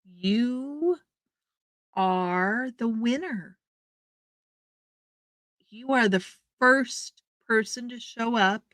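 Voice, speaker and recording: A woman's voice: medium pitch, pushed and bright, dry recording. A woman hosting a live stream, chatting casually and greeting her viewers by name as she answers their comments. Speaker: livestream host. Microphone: streaming setup microphone.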